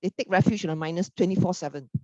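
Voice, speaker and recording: A woman's voice: lowish voice, very fast, dry recording, dull audio. A woman giving an informal Buddhist dharma talk, often asking "isn't it?" and acting out little quoted exchanges. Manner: animated, acts out little quoted exchanges, frequent tag questions.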